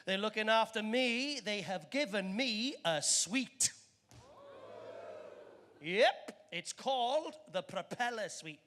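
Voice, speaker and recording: High-voiced man doing stand-up. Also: lively intonation, slow, pushed and bright. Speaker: stand-up comedian. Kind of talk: stand-up comedy.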